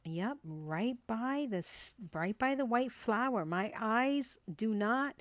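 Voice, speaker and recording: Excitable higher-voiced woman crafting at her desk. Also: slow, no room sound. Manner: excitable, talks to herself while working. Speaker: papercraft tutorial host. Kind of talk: casual crafting tutorial chat.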